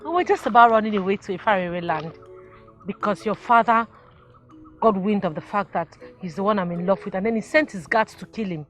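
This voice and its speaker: A woman's voice: mid-range voice, fairly quick, soft background music, lightly acted. A woman with a Nigerian accent playing a pregnant young woman planning to flee. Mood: excited. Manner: excited, animated. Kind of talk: film acting.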